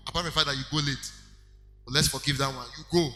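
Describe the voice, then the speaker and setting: Animated preacher man, bright voice. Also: on the high side, quick pace. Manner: animated preaching, acting out little dialogues. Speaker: pastor. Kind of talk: sermon. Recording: echoey hall with faint music.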